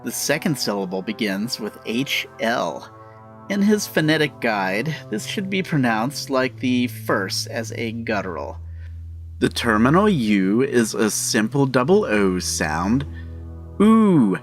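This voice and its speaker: Male explainer narrator, instructive and deliberate, very animated pitch. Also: faint music behind. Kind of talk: scripted narration.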